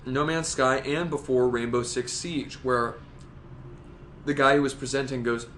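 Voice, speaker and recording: Podcast co-host, male, mid-pitched, rambling and excitable, salty language, casual chat. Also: measured pace, slight background noise. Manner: rambling, excitable, swears a lot.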